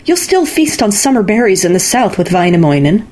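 A woman voicing a stern, insistent mother who scolds her daughter, in a husky voice. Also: mid-range voice, big pitch swings, fast, a little mellow, voice pushed up. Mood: scolding. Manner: scolding, commanding.

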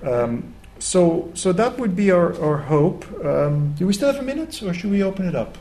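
Creaky-voiced man on a festival panel. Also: high voice, normal speed, rough recording. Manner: animated storyteller, many fillers. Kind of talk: panel talk. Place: festival hall.

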